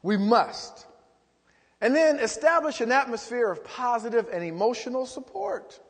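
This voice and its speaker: A man's voice: extremely high pitch, expressive, normal speed, big-room sound. A man preaching a sermon as pastor, rising into emphatic calls to the congregation.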